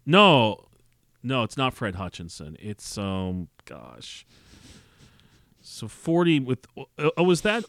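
A man's voice: medium pitch, sing-song, takes it slowly, fairly bright tone, dry recording. A man appearing as a guest on a sports radio show, recalling facts in thoughtful, hesitant chat.

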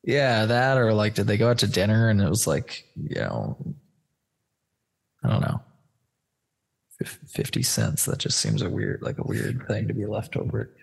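A man's voice: fairly low pitch, expressive, moderate pace, creaky, pauses often, breathy edge. A man hosting a casual screen-share chat, loose, stoned and a bit profane as he walks through search results. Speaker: host.

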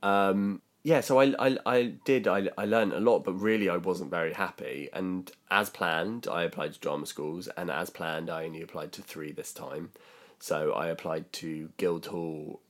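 A man's voice: sits low, fairly even intonation, moderate pace. A young British man telling a story in casual podcast chat, with lots of ums and likes. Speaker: podcast co-host.

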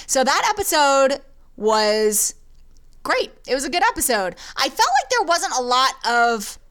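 A young woman co-hosting a podcast, chatting quickly and animatedly as she recaps a TV episode with her sister. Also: high-pitched, big pitch swings, fairly bright tone, smooth. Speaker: podcast co-host. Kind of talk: casual chat recapping a TV episode.

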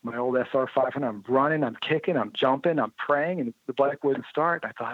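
A man recounting stories as an interview guest, voicing the people he quotes with lively shifts. His voice sits at an ordinary middle pitch. The sound is thin and narrow like a phone call, with no room echo at all. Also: a little fast. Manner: lively storyteller who acts out quoted dialogue. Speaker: interview guest, motorcycle writer. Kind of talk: anecdotal storytelling in an interview. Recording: narrow phone-like line, dry.

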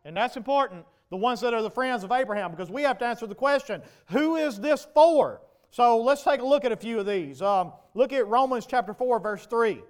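High-voiced preacher asking the room questions. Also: male voice, expressive, fairly quick, few pauses. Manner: preaching with rhetorical questions to the congregation, rising to shouts. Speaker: pastor. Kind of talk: sermon.

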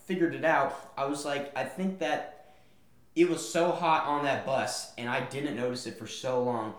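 A young man co-hosting a podcast, telling a story in casual chat and acting out quotes with sudden loud yelps. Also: medium pitch, steady tone, normal speed. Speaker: podcast co-host. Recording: echoey room.

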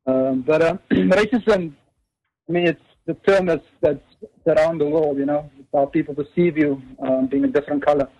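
An American man, a guest in a casual interview, speaking hesitantly with many fillers and some throat clearing. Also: on the high side, moderate pace, mellow, rough recording. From United States.

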